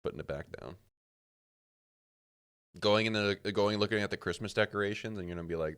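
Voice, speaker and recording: A man's voice: low voice, steady tone, fairly quick, a bit bright, smooth. A man from Canada streaming a puzzle game, rambling and joking with casual swearing as he plays. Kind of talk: casual gameplay commentary.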